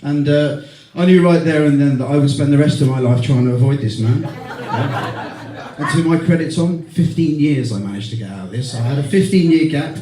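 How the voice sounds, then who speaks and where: A middle-aged man delivers a teasing yet heartfelt best man speech at a wedding reception, his medium-pitched voice dark in tone and fairly quick. Heard from far off in an echoey hall, the recording also picks up the crowd of guests.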